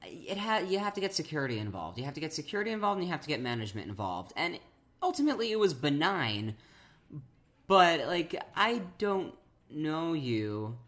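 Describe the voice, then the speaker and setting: Young adult woman, low and animated, halting casual co-host. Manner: halting, restarts often with many "like"s. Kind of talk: casual chat.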